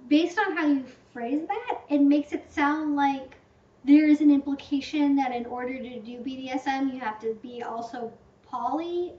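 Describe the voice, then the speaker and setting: High-voiced chatty woman, echoey room. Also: darkish tone. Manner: chatty, rambling, heavy use of "like", fond of hyperbole. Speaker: channel host answering viewer questions. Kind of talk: casual livestream Q&A. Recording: echoey room, distant muffled mic.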